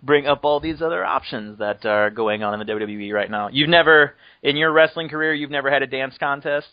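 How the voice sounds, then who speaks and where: A man's voice: medium pitch, brisk, no echo. Podcast host guy rambling and joking, dry dull lo-fi audio. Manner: joking, rambling, laughs often. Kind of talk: casual chat.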